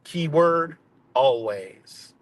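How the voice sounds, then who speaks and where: A man's voice: on the high side, animated, extremely slow. Heated, swearing man ranting live. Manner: profane, confrontational, repetitive. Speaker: streamer. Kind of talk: heated live-stream rant.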